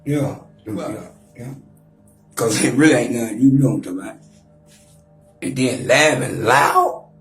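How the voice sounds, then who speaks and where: A man's voice: medium pitch, sing-song, unhurried, creaky, pauses often, reverberant, faint music behind. A man in his forties trash-talking and taunting on a profane livestream rant, mock-rapping at times. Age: 40s.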